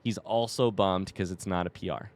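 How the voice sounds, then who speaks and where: A man's voice: deep voice, steady tone, normal speed. A young man streaming a game and casually telling a long coaching story, rambling with lots of fillers, restarts and the odd swear word. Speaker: streamer and youth cross country coach. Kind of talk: casual storytelling while gaming.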